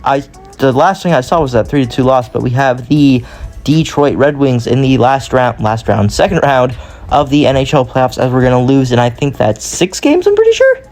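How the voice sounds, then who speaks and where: A man's voice: mid-range voice, moderate pace, a little mellow, soft background music. A young man talking through a hockey sim career in casual commentary, rambling and often correcting himself mid-sentence. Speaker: gaming YouTuber.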